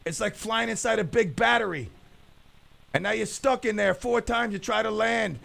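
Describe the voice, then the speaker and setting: Gravelly, rambling radio host, a man. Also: high voice, moderate pace. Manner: loud, rambling storyteller who acts out the people in his stories. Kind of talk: comic radio monologue. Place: radio studio.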